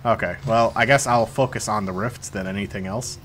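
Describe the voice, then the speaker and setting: A young man streaming a game, chatting excitedly, yelling at characters and swearing when things go wrong. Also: on the low side, brisk, a little hiss or hum. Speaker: gaming streamer. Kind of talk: live gameplay commentary.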